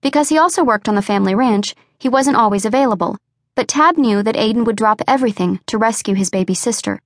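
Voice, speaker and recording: A woman narrating an unabridged audiobook in a measured, even storytelling voice. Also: on the high side, no room sound, studio quality.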